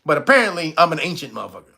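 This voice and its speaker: Bright-voiced man telling a loose story. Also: a little high, very animated, rapid-fire, creaky. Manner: laughing, profane, loose storyteller. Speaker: livestream host. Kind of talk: casual livestream storytelling.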